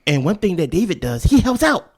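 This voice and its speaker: A man's voice: sits high, very animated, brisk. A man co-hosting a TV recap show, arguing his points animatedly and repeating them for emphasis. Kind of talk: casual reaction chat.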